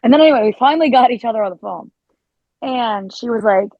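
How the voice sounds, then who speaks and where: A woman's voice: on the high side, fast talker, no room sound, dull audio. Chatty woman telling a story. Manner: animated storytelling, quotes herself, laughs often. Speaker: guest, country musician and teacher. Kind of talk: casual podcast chat.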